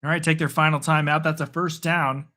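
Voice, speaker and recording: A man hosting live play-by-play and reaction, chatty and casual between quick bursts of calling the action. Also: fairly high pitch, flat delivery, pushed and bright. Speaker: host.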